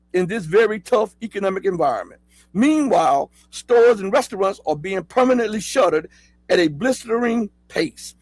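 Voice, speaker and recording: A middle-aged man with a Southern accent hosts his own talk show. His voice sits high and a little husky, and the room around it is dry. He reads an article aloud and keeps breaking off to ask his viewers questions. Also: no echo, poor audio. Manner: talks straight to viewers, asks rhetorical questions, spells words out. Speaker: host. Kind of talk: casual commentary, reading an article aloud.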